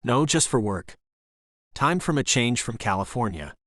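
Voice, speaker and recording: A man's voice: medium pitch, sing-song, moderate pace, fairly bright tone, no echo, clean studio sound. Narrator reads a shy young woman on the run, polite and guarded.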